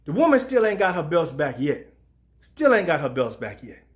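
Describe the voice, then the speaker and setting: A man's voice: fairly high pitch, moderate pace. Fired-up man ranting about boxing. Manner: profane, animated, acts out quoted voices. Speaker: sports show host. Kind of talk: heated boxing commentary rant.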